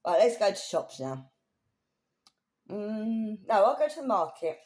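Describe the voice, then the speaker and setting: A woman's voice: mid-range voice, big pitch swings, unhurried, a little mellow. A woman chatting casually through a thrift haul in a rambling, self-correcting way. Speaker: craft vlogger.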